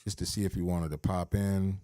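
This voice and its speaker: Deep-voiced man telling a story, dry sound. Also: flat delivery, a little fast, dark tone, no room sound. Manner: swearing, rambling retelling with restarts. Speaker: podcast host. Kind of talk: personal storytelling on a podcast.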